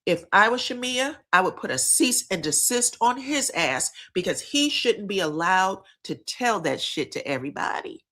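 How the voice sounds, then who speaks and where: Host, female, bright tone, chatty, blunt and slangy, talks to live chat. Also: mid-range voice, lively intonation, normal speed, few pauses. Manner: candid, slangy, repeats herself for emphasis. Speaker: reality TV commentary host. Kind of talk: casual live-stream recap with chat.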